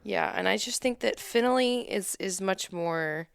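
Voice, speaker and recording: A woman co-hosting a podcast in casual chat, playful with dry quick comebacks. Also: medium pitch, gravelly, clean tone, no echo. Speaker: podcast co-host.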